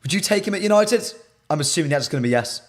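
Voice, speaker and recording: Hoarse man chatting to a live stream. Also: fairly high pitch, lively intonation, very fast. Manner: chatty, repeats himself, talks to chat. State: voice shot. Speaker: football channel presenter.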